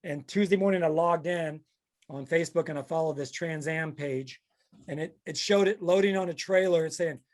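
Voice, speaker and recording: A podcast host runs a casual chat show, animatedly telling stories and acting out the people and quotes in them. His voice is on the high side and moves at a moderate pace.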